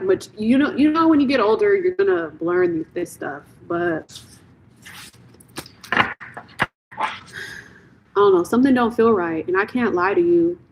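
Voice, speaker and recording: A woman's voice: lowish voice, lo-fi sound, slight background noise. A young woman reading tarot on a live stream, talking casually and bluntly, repeating phrases as she vents to a viewer.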